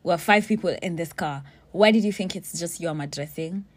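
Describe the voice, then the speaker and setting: A young woman tells a story about her birthday in a casual, animated way, swearing freely and dropping into Swahili phrases. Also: on the low side, brisk, breathy edge. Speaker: vlogger telling a story. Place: in a car with friends.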